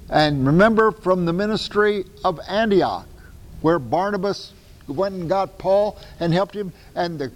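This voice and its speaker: Guy preaching a bible study sermon, reads verses then riffs on them, bit high voice, big echoey church hall. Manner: reads scripture aloud, breaks in with asides; animated, swings between loud and soft. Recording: long reverb of a large hall.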